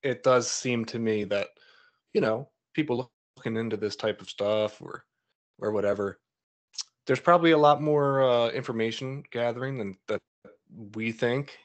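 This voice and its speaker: A man's voice: medium pitch, normal speed. A man on a podcast, talking casually and hesitantly with lots of "like" and "you know.". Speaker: podcast co-host.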